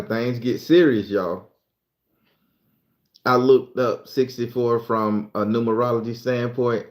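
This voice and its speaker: A man's voice: fairly low pitch, reverberant. A man from southern Florida with a Southern American accent, hosting a casual livestream and chatting loosely with viewers, stumbling when he reads aloud. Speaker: livestream host.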